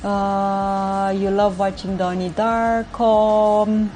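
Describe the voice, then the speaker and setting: Lady cooking dinner live on stream, talks real slow, laughs at chat a lot, mid pitch. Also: little pitch movement, dark tone, faint music behind. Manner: chatty, laughs often while reading chat. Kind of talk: casual cooking livestream chat. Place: home kitchen.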